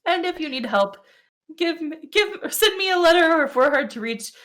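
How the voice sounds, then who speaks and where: A woman's voice: very high-pitched, lively intonation, brisk, a bit bright. A woman playing a tabletop role-playing game, describing her character with frequent laughter. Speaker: player.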